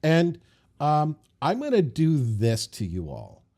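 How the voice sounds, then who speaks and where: Slow, lively-voiced male game master. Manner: slow, playful narration with lively pitch. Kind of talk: narrating a tabletop game.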